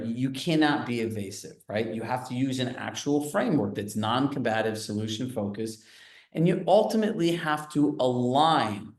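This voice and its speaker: A man coaching sales agents at a training session, animated, telling stories and asking the audience questions. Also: mid-range voice. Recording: roomy echo.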